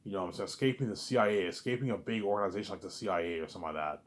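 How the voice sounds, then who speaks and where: Excitable man rambling with lots of restarts. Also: low-pitched, very fast. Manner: excited, repeats words and restarts often; says "you know what I'm saying" a lot. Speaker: host of a listening series. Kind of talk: rambling casual monologue.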